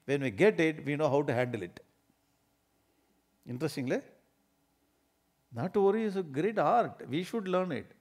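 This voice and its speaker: A spiritual teacher with an Indian English accent delivers a discourse full of humor. His voice sits slightly on the high side for a man. He laughs often and slips into small acted-out scenes to make his points. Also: normal speed, pauses often. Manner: animated, laughs often, acts out everyday scenes.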